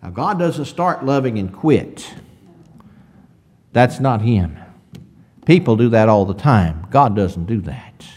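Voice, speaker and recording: A man preaching a conversational sermon. He asks the congregation rhetorical questions and reads scripture slowly. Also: lowish voice, animated, darkish tone.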